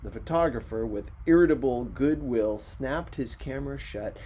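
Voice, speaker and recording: A man reading a short story aloud in slow, measured narration. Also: medium pitch, warm tone. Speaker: reader. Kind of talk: audiobook narration.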